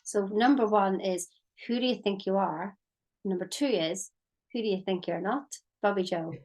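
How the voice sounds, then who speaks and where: A woman's voice: medium pitch, moderate pace, darkish tone. A woman in her fifties co-hosting a casual chat as a mindset coach over a video call, talking in a reflective, hesitant way. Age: 50s. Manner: reflective, hesitant, with fillers and restarts.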